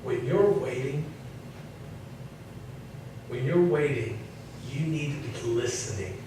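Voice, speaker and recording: A man's voice: medium pitch, expressive, slow, dark tone. Chatty man preaching in an echoey hall. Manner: chatty, acts out voices, jokes. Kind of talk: casual sermon to young people. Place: church hall. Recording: echoey room, mic at a distance, faint noise.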